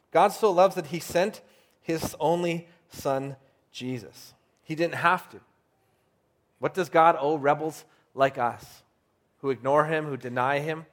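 Male pastor, slightly high voice, chatty storytelling sermon, leans on key phrases slowly. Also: a bit bright. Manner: storytelling, slows down to stress key words; conversational with filler restarts.

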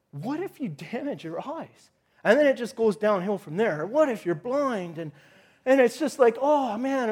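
Animated storytelling pastor, high male voice. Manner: animated storytelling, acts out his own shouting. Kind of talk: sermon with personal story.

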